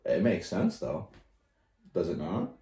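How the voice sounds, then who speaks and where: A man's voice: low-pitched, wildly swooping pitch, slow, mellow. A young man co-hosting a casual sports podcast, laid-back and speculative, with many fillers. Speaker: podcast co-host. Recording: roomy echo.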